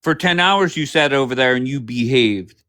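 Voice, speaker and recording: A man's voice: medium pitch, lively intonation, bright, forceful tone. Male livestream host, blunt and combative, peppers guests with profane questions. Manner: blunt, swearing, grilling guests with rapid questions. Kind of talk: confrontational livestream chat.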